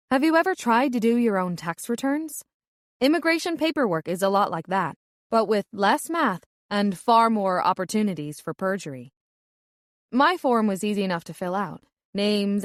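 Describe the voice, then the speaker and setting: A woman's voice: mid-range voice, lively intonation, normal speed, no echo, clean studio sound. A woman reading a first-person romance audiobook in a wry, conversational way. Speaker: audiobook narrator.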